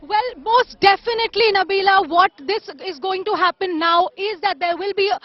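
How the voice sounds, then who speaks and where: A very high-voiced woman delivers a live news report outdoors, pausing often with fillers as she gathers her words. The audio sounds dull and lo-fi, like a broadcast feed. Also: dry recording. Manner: hesitant, many fillers. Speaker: field reporter. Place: outdoors at a court.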